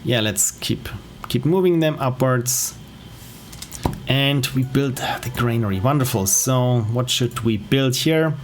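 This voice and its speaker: A man's voice: mid-range voice, slow, slight background noise. Easygoing man streaming a game. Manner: easygoing, rambling, self-deprecating. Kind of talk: casual gameplay commentary.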